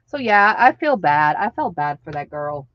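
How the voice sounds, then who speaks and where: A woman's voice: lowish voice, very animated, normal speed. A woman in her late thirties or older, chatting casually on a live stream, laughing often and acting out what people said in her stories. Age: over 35. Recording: dull lo-fi stream audio.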